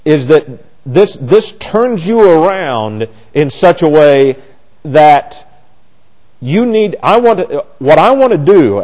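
A man preaching a sermon, animated and sarcastic, often restarting his sentences. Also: fairly high pitch.

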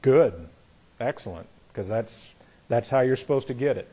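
This Bible teacher has an expressive, mellow mid-range voice with a breathy edge. He walks his class through a passage step by step, deliberately repeating words, questioning students, and emphasizing key words as he reads scripture.

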